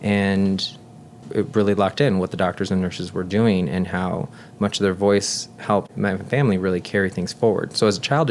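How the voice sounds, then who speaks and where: Guy in his 30s, nurse guest, chatty and earnest, kinda low voice, faint hiss behind. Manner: earnest, talkative storyteller. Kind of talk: casual chat.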